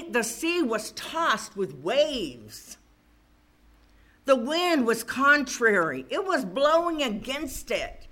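A woman preacher delivers a sermon, her bright, tense voice swooping widely in pitch. She takes her time with each phrase and keeps putting questions to the listeners. At moments she builds to fervent calls to press on. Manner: preaching with rising fervor and call-and-response questions.

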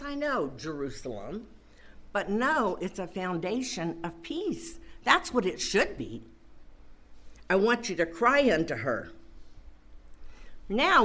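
A woman's voice: medium pitch, a bit bright. A woman preaching a sermon and reading scripture aloud, stressing her points by repeating phrases.

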